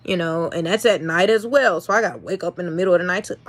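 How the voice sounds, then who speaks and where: A young woman breeder telling a casual vlog story in an animated, exasperated way, swinging between loud and soft. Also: fairly low pitch, fairly quick, few pauses. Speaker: dog breeder.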